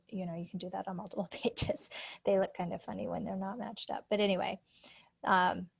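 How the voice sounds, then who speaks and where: A woman's voice: medium pitch, gravelly, darkish tone. A woman in her forties, a speech-language pathologist, presenting teaching activities to teachers on a computer call in a friendly, explanatory way. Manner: friendly, explanatory, with frequent fillers. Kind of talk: conference presentation, screen-share walkthrough.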